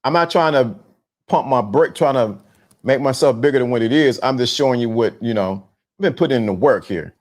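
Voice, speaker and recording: A middle-aged man hosting a casual live stream, talking in slang, repeating himself and giving shout-outs to viewers. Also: mid-range voice, expressive, brisk. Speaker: host of a talk show on dating game. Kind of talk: casual live-stream talk reading chat.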